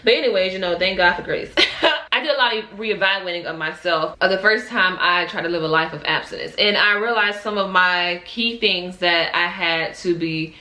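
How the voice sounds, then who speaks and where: A woman's voice: fairly low pitch, moderate pace, sharp tone, reverberant. A young adult woman, candidly telling an emotional personal story in a vlog. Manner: emotional, candid, Southern-tinged slang. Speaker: vlogger.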